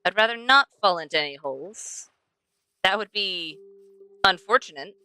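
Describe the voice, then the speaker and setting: A woman's voice: lowish voice, lively intonation, moderate pace, bright, forceful tone, smooth, faint music behind. A young woman streaming a game, chatting to herself and to the animals she passes as she plays. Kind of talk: casual gameplay commentary.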